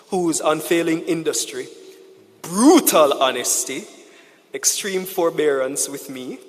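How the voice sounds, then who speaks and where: A man speaks from a podium in a large conference hall, his slightly high voice carried by the PA and trailing a long echo. He is measured and emphatic, thanking partners one by one before a rallying closing charge. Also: a little hiss or hum. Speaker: conference speaker, head of a government office. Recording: reverberant hall through the PA.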